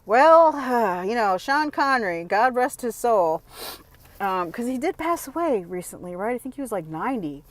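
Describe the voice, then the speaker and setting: A woman's voice: fairly high pitch, sing-song, normal speed. A woman talking to camera in a casual, opinionated monologue, blunt and emphatic, often restarting her sentences. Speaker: vlogger.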